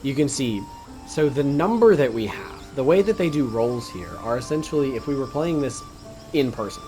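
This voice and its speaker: Man, casual gameplay host, easygoing, thinks aloud, mid pitch, faint music behind. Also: expressive, normal speed, warm tone. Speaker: let's play host. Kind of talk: casual chat, explaining game rules.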